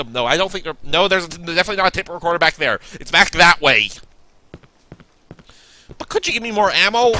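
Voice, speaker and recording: A man giving chatty gameplay commentary, joking back at the game and yelling in panicked bursts when he is attacked. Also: fairly high pitch, slight background noise. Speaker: let's play gamer.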